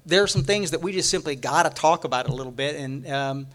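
A middle-aged man from Texas, giving a halting recovery share full of restarts and repeated words. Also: a little high, a bit bright. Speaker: recovery speaker.

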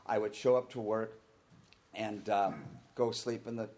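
A man's voice: on the low side, steady tone, measured pace, a little mellow. A middle-aged man telling his own recovery story in a candid, rambling way, sometimes acting out the voices of the people he quotes. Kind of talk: personal recovery talk.

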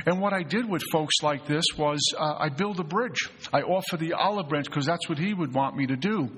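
A husky, somewhat high-voiced middle-aged man talks earnestly to a group, telling his story with frequent restarts and stammering fillers. His voice carries a long echo, as if recorded in a hall. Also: a bit bright. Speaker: retreat facilitator. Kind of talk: recovery talk to a group. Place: mountain retreat hall.

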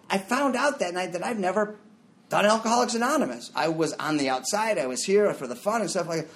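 A middle-aged man sharing his own recovery story at a meeting, talking casually and jumping into loud acted-out quotes. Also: sits high. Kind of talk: personal story shared at a meeting.

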